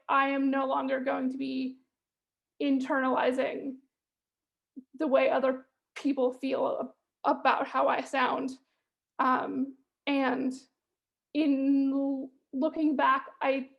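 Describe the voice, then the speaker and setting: High-pitched woman who stutters. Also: gravelly. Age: late 20s. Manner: stutters, with repeated words and blocks; thoughtful, with soft fillers. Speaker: poet and speaker. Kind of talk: reflective talk at an online event.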